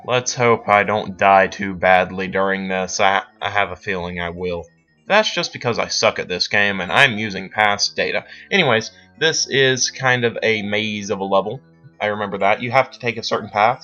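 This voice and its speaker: Brief: late-teen boy, lowish voice with a bright edge, rambling self-mocking game commentary. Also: normal speed. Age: late teens. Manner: rambling, self-deprecating chatter. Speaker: let's play host. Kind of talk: gameplay commentary. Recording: dull lo-fi sound. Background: faint game music.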